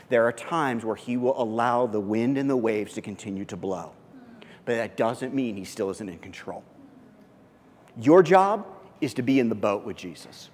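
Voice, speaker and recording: Man preaching in a reverberant hall. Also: slight background noise. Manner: animated storytelling, repeats words, pitch climbs when excited. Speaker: pastor. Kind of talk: sermon. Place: church sanctuary.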